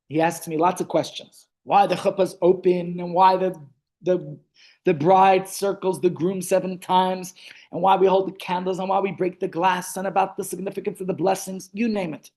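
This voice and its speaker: A man, a rabbi telling stories in a relaxed class held over a video call, often stopping to restart his sentences. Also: high voice. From South Africa. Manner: chatty storytelling, frequent restarts. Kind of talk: online Torah class.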